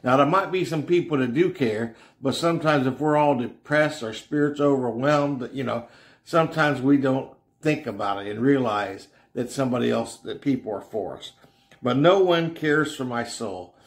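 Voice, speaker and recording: A middle-aged man preaching a conversational sermon in a plain-spoken way, often saying "you know" and laughing softly. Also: medium pitch, normal speed. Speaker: radio preacher.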